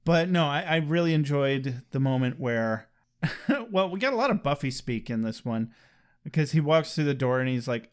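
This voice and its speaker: High-voiced joking podcast man. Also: moderate pace. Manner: animated, joking, swears casually. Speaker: podcast co-host. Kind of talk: casual chat.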